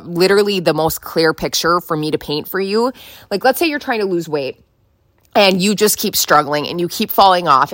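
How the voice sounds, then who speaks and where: A woman's voice: mid-range voice, a bit bright, no echo, studio quality. A young woman hosting a podcast, chatting casually and telling a personal story with lots of fillers and restarts. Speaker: podcast host. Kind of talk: casual solo podcast chat.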